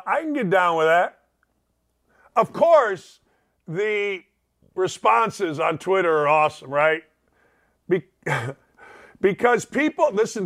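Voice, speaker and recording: A middle-aged man hosting a radio talk show, riffing casually and acting out quick bits of dialogue. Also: sits high. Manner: animated, joking, acts out quoted voices.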